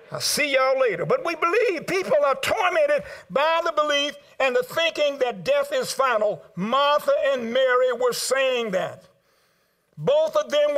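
Here a preacher, an older man whose voice is notably high, leads his congregation in rhythmic call and response. His sermon climbs to loud sung exclamations before falling back to low asides, and he speaks directly to the listeners, urging them to write his points down.

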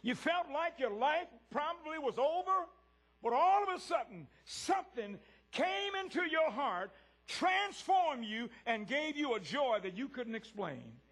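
A man preaching a sermon to a congregation in a church, swinging from loud peaks to hushed lows and speaking straight to the people in the pews. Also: sing-song, a little slow. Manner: talks directly to the congregation.

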